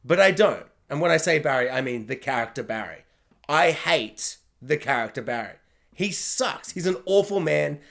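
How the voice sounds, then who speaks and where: Guy with a pretty high voice doing a chatty tv review, lots of likes, kinda meandering. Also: expressive, moderate pace, vocal fry, a bit bright. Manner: rambling, heavy on "like" fillers. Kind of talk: casual spoken review.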